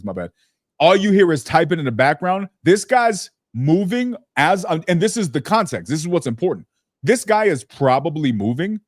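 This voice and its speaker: A man's voice: a little high, dry recording. Blunt, profane man in a dry close sound. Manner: blunt, profane, storytelling with animated impressions. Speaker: podcast host. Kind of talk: casual business talk.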